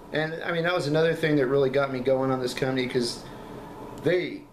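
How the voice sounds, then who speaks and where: A man giving a casual product review, talking in halting, enthusiastic bursts and coughing now and then from a lingering cough. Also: medium pitch. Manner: halting, repeats words, enthusiastic. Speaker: vape juice reviewer. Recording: echoey room with background noise.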